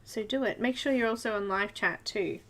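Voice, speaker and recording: A woman's voice: mid-range voice, normal speed, fairly bright tone. A woman with an Australian accent hosting a casual live coloring stream, chatty and giggly, greeting viewers one by one by name.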